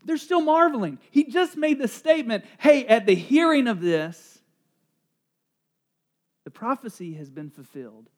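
A middle-aged man preaching a sermon as pastor, animated and joking as he acts out the voices of townspeople. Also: very high voice, measured pace, long pauses.

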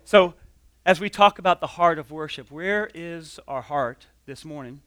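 A man's voice: a little high, unhurried, a bit bright, no echo. A man giving a conversational sermon as a pastor, telling a personal story with frequent restarts and quoted dialogue.

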